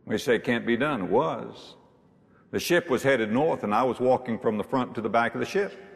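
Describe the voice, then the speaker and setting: A preacher delivering a sermon, rising to high emphatic lines and dropping to hushed low tones. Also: male voice, moderate pace, creaky, long reverb tail.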